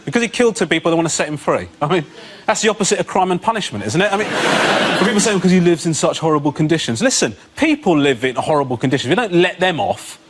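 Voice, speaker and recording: Brief: male comic, fairly high voice, exasperated ranting delivery, loud studio noise behind. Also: very animated, fast talker. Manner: ranting, exasperated, rising to indignant shouts. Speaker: comedian panellist. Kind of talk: stand-up comedy routine on a panel show. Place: TV studio with live audience.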